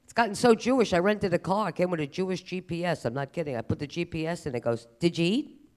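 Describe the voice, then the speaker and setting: A man's voice: fairly high pitch, fast talker. A man performing a self-deprecating stand-up comedy routine on stage. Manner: animated, self-deprecating delivery. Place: live comedy stage at a museum event.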